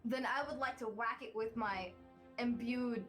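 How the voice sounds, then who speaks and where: A woman's voice: on the high side, measured pace, faint music behind. A woman playing a tabletop game, speaking tentatively as she works out the rules. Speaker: player.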